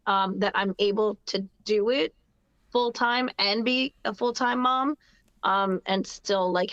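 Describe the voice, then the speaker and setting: A woman's voice: medium pitch, no echo, muffled recording. A woman in her thirties from New Jersey, talking in a casual, upbeat interview with lots of fillers and restarts. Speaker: guest singer-songwriter.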